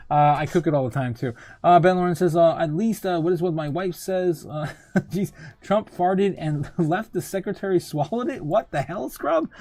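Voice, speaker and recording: A man hosting a casual livestream, reading news and chatting with viewers, full of fillers and quick laughs. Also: a little high, no room sound. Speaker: crypto show host.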